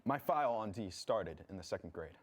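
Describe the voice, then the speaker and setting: A man's voice: on the low side, expressive, fairly quick. Guy doing a smug vain schemer, sneery and theatrical, comedy student film. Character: smug, vain young man who schemes against his friend.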